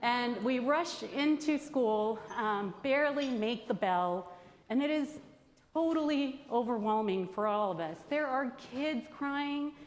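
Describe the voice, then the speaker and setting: A woman in her thirties hosting a conference, telling a personal story to the audience in an anecdotal way with pauses. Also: fairly high pitch, expressive. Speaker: conference host introducing candidates. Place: large conference hall. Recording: long hall reverb.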